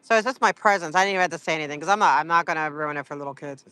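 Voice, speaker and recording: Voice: mid-range voice, rapid-fire, bright, forceful tone, smooth, no echo. A livestreamer chatting casually with viewers from a street event, rambling and teasing, full of filler words. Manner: rambling, full of "like" and "you know".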